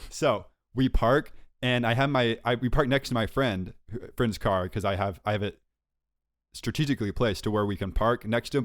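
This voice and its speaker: A young man co-hosting a podcast, telling a story in a lively, self-mocking way and laughing often. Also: lowish voice, no echo, clean studio sound. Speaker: podcast co-host. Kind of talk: casual chat, storytelling.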